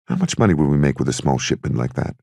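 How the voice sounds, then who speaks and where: Man playing a casual, wisecracking young bootlegger pal, voice pushed up high over a gravelly base, audiobook. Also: wildly swooping pitch, fast, warm tone, dry recording, clean studio sound, full character voice.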